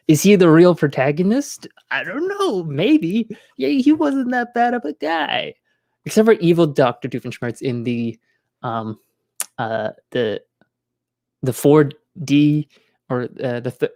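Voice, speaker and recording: A man's voice: mid-range voice, darkish tone, dry recording, studio quality. Rambling young man streaming casually. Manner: rambling, many fillers and restarts. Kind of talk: casual live-stream chat.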